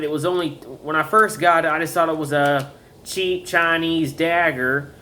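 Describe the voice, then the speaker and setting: A young man talks through his collectibles in a casual, rambling way, stopping often to correct himself. His voice sits a little high for a man. A faint hiss runs under the recording. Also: pushed and bright. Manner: rambling, self-correcting, folksy. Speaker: YouTuber showing collectibles. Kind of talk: casual show-and-tell vlog.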